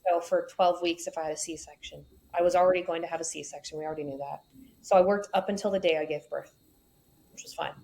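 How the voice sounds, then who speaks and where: A woman's voice: on the low side, fairly even intonation, fast talker, gravelly, warm tone, poor audio. A woman in a candid interview, telling her story frankly with wry asides. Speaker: podcast guest.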